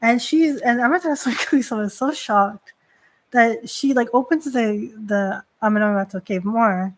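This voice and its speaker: A woman's voice: fairly high pitch, moderate pace, rough recording. A woman hosting a live stream as a priestess, speaking in a chatty way with many "like" fillers. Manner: chatty, heavy use of "like" fillers. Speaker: Shinto priestess and host. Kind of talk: casual live-stream talk on religion.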